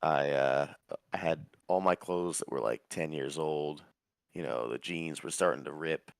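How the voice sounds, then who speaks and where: Deep gravelly sick-sounding man. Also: measured pace, dry recording, studio quality. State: sick, sore throat. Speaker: guest on livestream. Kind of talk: casual chat.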